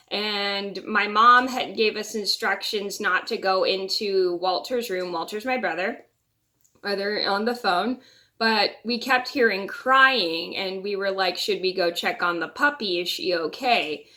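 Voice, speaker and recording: A woman's voice: medium pitch, bright, forceful tone. A young woman vlogger telling a personal story in a casual, rambling way, often restarting and repeating words.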